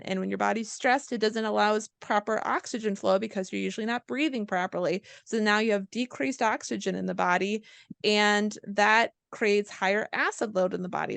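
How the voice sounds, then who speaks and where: A woman's voice: medium pitch, vocal fry, no room sound. A woman co-hosting a casual podcast, a chiropractor who explains things in a chatty way and acts out little quotes.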